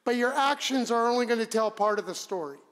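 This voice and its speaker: A man's voice: very high-pitched, quick pace. A male pastor giving a conversational sermon, with dramatic, emphatic delivery. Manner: conversational, dramatic preaching with sudden loud emphasis. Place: church sanctuary. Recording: long church reverb.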